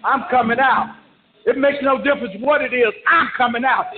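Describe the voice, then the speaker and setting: A man preaching a fervent sermon, repeating phrases and shouting, heard over a conference call. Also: very high voice, normal speed, a little hiss or hum. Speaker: pastor. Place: church service. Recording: echoey, tinny conference-call line.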